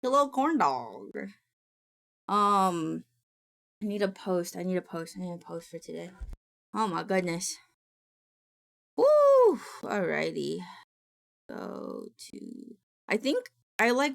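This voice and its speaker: Woman, VTuber streamer, casual chat, unhurried, lively up-and-down voice. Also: medium pitch, gravelly. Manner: chatty, rambling, greets chat by name.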